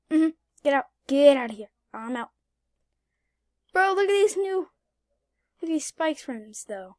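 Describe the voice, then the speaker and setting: A young woman giving casual, excitable commentary over her gameplay, repeating phrases and jumping between hushed whispers and loud outbursts. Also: high-pitched, normal speed, dry recording, clean studio sound. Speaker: gaming YouTuber.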